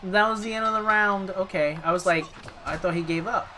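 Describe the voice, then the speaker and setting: Bright, chatty woman streamer. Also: medium pitch, a little fast, slight background noise. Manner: chatty, amused, thinking aloud. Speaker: game streamer. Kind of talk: casual gameplay commentary.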